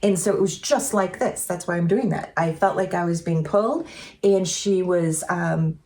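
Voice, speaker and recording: Woman co-host, casual storytelling, slightly low and gravelly, earnest and chatty. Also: normal speed. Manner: earnest, chatty, with many fillers and softly voiced quotes. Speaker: co-host sharing spiritual experiences.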